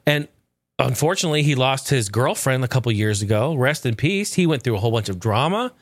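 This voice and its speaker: A man's voice: mid-range voice, expressive, fairly quick, no echo, studio quality. A man in his thirties or forties ranting sarcastically, swearing a lot and acting out other people's quotes. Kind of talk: profane ranting commentary.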